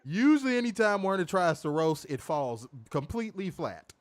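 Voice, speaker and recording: A man co-hosting a casual wrestling review podcast, animated, swearing freely and laughing often. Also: high voice, normal speed. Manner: animated, profane, laughs a lot. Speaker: podcast co-host.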